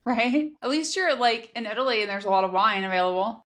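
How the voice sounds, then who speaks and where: A woman's voice: fairly high pitch, expressive, fairly quick, a bit bright. A woman in her thirties co-hosting a podcast, chatting casually and telling personal stories with lots of "like.". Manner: chatty storyteller, frequent "like" fillers. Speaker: podcast co-host. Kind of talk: casual chat.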